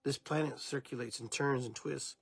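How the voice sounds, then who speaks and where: A man's voice: medium pitch, fairly even intonation, moderate pace, vocal fry. A man hosting a podcast, giving an unscripted spiritual talk in a meandering, reflective way with many restarts. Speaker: podcast host.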